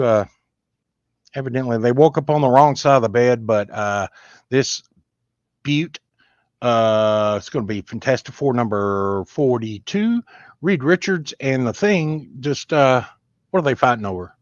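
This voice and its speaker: A man's voice: mid-range voice, no room sound. Folksy male stream host, rambling and chatty, dry lo-fi sound. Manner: rambling, folksy, chats to viewers. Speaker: comic book collector hosting a live stream. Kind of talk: casual live-stream show-and-tell.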